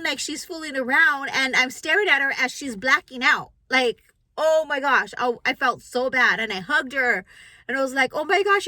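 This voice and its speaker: A middle-aged woman telling a story to camera in a casual vlog, animated and full of restarts, acting out what people said. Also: fairly high pitch, no room sound, poor audio. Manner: animated, acts out quotes, many restarts. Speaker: vlogger.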